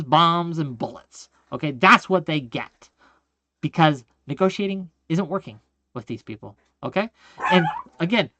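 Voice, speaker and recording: A man doing a forceful livestream political rant from home, repeating himself and checking in with his audience. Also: a little high, dry recording, lo-fi sound. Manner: forceful, repetitive, keeps asking "okay?" and calling the audience "gang". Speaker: streamer and political commentator.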